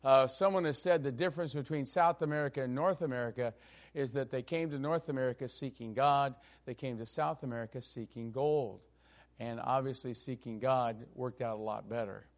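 A man preaching a sermon as pastor, stressing key phrases slowly and often pausing on fillers. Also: mid-range voice.

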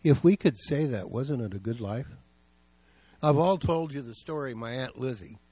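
A man's voice: medium pitch, normal speed, warm tone, husky, dry recording. A male pastor preaching a sermon, telling stories in a plain, conversational way.

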